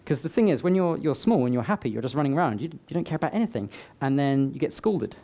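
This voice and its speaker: Mellow-voiced man giving a motivational talk. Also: fairly high pitch, lively intonation, fast talker. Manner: conversational, joking asides to the audience. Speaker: summit speaker. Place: live event before an audience.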